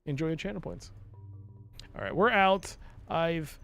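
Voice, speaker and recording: A man's voice: a little high, unhurried, gravelly, a bit bright, clear, resonant tone, faint music behind. Rambling man streaming a game live. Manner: rambling, self-mocking, talks to himself and chat with frequent fillers. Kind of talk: casual live-stream commentary.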